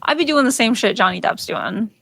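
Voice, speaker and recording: A woman's voice: a little high, expressive, a little fast, vocal fry, fairly bright tone, no room sound. A woman co-hosting a horror movie podcast, chatting casually in a blunt, joking way with some swearing. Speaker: podcast co-host.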